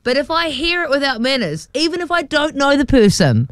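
A woman's voice: sits high, big pitch swings, a little fast, no echo, studio quality. A woman co-hosting breakfast radio, chatty and self-deprecating. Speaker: radio host. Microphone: studio mic.

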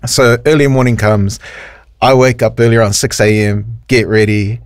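A man's voice: normal speed, no echo, clean studio sound. A New Zealand man hosting radio, telling a funny story and acting out quotes. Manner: animated, acts out quotes in high voices, laughs a lot. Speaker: radio host. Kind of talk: storytelling on air, casual chat. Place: radio studio.

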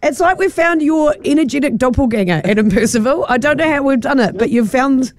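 A woman's voice: high voice, lively intonation, brisk, no echo. A woman with a New Zealand accent hosting a radio show from the studio, teasing and laughing in upbeat breakfast-radio chat. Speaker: radio host.

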